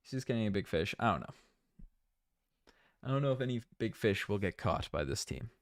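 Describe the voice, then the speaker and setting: A man's voice: on the low side, animated, brisk, dry recording, studio quality. A man from Newfoundland hosting a basketball livestream in casual chat, rambling and jokey, often repeating his own phrases. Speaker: basketball channel host.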